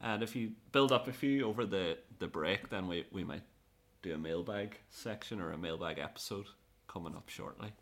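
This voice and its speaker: A man's voice: low voice, moderate pace, fairly bright tone. An Irish man hosting a podcast chat, joking and laughing along as he leads each segment. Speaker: podcast host. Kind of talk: casual panel chat.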